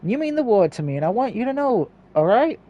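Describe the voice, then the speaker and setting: A man's voice: high voice, very animated, fast, dull audio, pitched above the performer's own voice. A man reading aloud as a kind, cheerful older brother in a game. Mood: reassuring.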